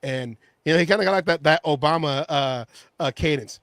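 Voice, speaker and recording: A man's voice: a little high, a little fast, a bit bright, no echo. A man in his forties hosting a sports podcast, chatting casually and laughing as he stumbles over words. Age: 40s. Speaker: podcast host.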